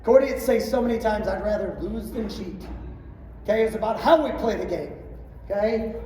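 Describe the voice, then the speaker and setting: A middle-aged man giving a motivational storytelling talk to coaches, acting out quotes and swinging from quiet asides to shouting. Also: high voice, normal speed. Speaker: coach clinic speaker. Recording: roomy hall, distant mic, faint ambience.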